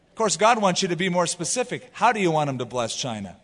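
A man's voice: high-pitched, quick pace, hardly any pauses, long reverb tail. A man preaching a sermon as pastor, telling stories and acting out quotes as he goes. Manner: animated storytelling with acted quotes.

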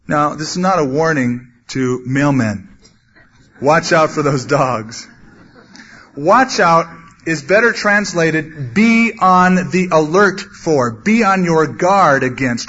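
Man, pastor, earnest sermon, husky voice, slightly high, muffled lo-fi recording. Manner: earnest Bible teaching, acting out quotes with sudden loud high bursts.

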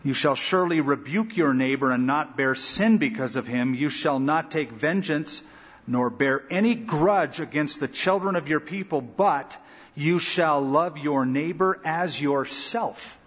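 Middle-aged male pastor, emphatic preacher, slightly husky, raised pitch, lo-fi sanctuary recording with long echo. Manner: animated, emphatic preaching with dramatic pauses and asides. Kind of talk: verse-by-verse sermon with closing prayer. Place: large church sanctuary. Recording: dull lo-fi recording with long hall reverb.

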